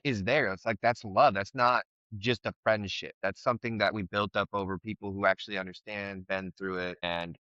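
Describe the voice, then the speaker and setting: A man's voice: on the low side, bright, forceful tone, clear, resonant tone, dry recording, lo-fi sound. Rambling, swearing man on a recovery podcast. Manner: rambling, frank, swears, many fillers. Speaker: podcast co-host. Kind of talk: casual recovery podcast chat.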